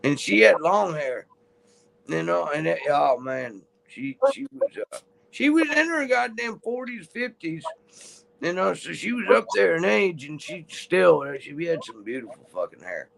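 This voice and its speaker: Middle-aged guest for a live chat, gravelly pitch a touch high, swears a lot and rambles. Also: male voice, big pitch swings, measured pace, a bit bright, a little hiss or hum, rough recording. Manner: profane, rambling storyteller who laughs often. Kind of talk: casual chat.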